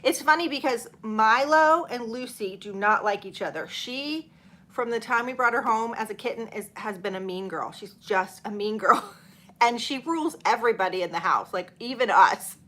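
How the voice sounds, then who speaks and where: Bright, chatty woman. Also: a little high, moderate pace. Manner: chatty, laughs often, reads viewer comments aloud. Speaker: channel host. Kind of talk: casual live-stream chat.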